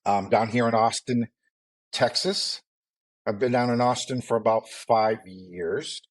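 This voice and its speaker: A middle-aged man from Maine chats as a podcast co-host, with a faint Maine accent coming through. His pitch sits in an ordinary middle range for a man. He talks in an easygoing, meandering way, full of fillers and side remarks. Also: measured pace. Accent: mild Maine. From Maine, USA. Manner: rambling, relaxed, with fillers and asides. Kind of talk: casual chat.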